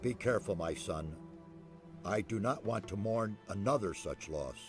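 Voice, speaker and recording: An actor playing an elderly mage leader in a game, speaking in a solemn, measured, formal way. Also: male voice, lowish voice, animated, faint music behind, close to an everyday voice. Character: elderly male mage leader, grave and fatherly. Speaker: game character.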